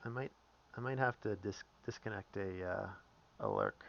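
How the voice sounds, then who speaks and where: A man's voice: fairly low pitch, wildly swooping pitch, normal speed, vocal fry, a bit bright, lo-fi sound. A man from Northern Canada, chatting with his viewers as he streams a survival game. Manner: chatty, answering chat while playing. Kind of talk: live gameplay commentary.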